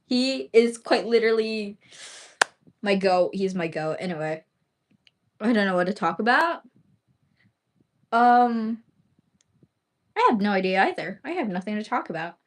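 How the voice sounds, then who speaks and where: A young woman hosts her own livestream, chatting casually and rambling, leaning heavily on "like" and "um." Her medium-pitched voice is expressive and a little slow, with long pauses.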